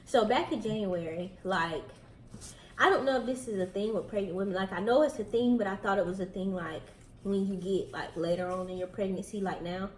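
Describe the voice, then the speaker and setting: A young Southern woman talks chattily to her viewers between bites, slightly out of breath. Her voice sits at a middle pitch and sounds roomy, with a faint hiss behind it. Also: brisk. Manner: chatty, addresses viewers directly. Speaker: vlogger host. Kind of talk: casual chat while eating.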